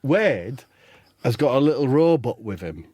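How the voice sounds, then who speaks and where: A man, a comedy podcast co-host, telling a rambling comic story in a deadpan way and swearing casually. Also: mid-range voice, unhurried, breathy edge, no echo.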